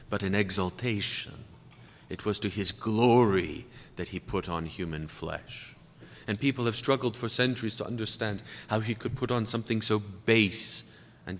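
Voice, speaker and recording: A man giving a sermon-style lecture to clergy, speaking deliberately and slowing down to stress key words. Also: on the low side, a bit bright, slight background noise. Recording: long reverb of a large hall.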